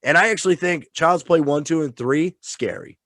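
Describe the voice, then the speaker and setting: A man co-hosting a casual chat who talks in an excited, rambling, profane way and sounds tipsy. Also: a little high, moderate pace, dry recording, studio quality. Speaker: podcast co-host.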